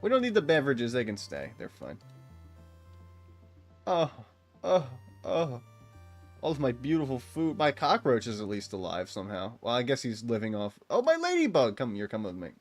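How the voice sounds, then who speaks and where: Young guy streaming a game, rambly and jokey, laughs a lot, quiet music behind. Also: mid-range voice, big pitch swings, normal speed. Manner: rambling, self-mocking, laughs often. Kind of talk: casual gameplay chat with viewers.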